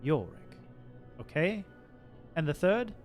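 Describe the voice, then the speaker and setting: Man voicing a shrewd ship captain. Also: soft background music. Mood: scheming. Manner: measured, cryptic, lively pitch swings. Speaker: game master. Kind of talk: tabletop game role-play.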